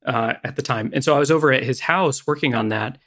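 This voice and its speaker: A man's voice: medium pitch, quick pace, fairly bright tone. A man co-hosting a podcast, telling a rambling, self-deprecating story in casual chat. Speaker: podcast co-host.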